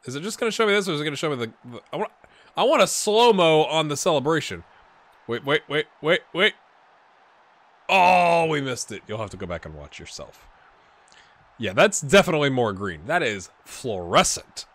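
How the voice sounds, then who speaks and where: A man casually commentating a football management game, rambling and questioning himself, with sudden bursts of excitement. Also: on the high side, moderate pace, no room sound. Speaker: gaming YouTuber.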